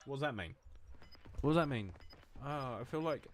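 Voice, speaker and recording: A man's voice: mid-range voice, expressive, moderate pace, slight background noise. A man streaming a game, chatting casually in a rambling, joking way, mocking himself and swearing freely. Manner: loose, wandering talk with restarts. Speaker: gaming streamer.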